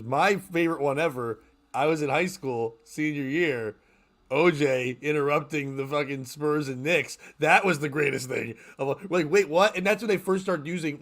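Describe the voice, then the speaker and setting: A man with a slightly high, somewhat bright voice hosts a live morning talk stream as a podcast host. His chat is loose and joking, and he laughs often.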